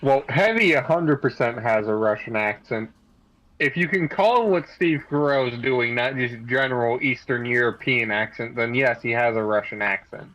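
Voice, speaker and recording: A man's voice: medium pitch, moderate pace, fairly bright tone, poor audio. A man playing a tabletop game, describing his character's actions and arguing points at length. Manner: rambling, argumentative. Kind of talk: casual play and banter.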